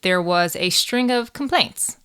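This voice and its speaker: American woman on a true crime pod, lowish voice, really smooth, jokey and swears a lot. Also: lively intonation, a little slow, pushed and bright. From United States. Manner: irreverent, swears and jokes while telling the case. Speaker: podcast co-host. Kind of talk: casual true crime chat.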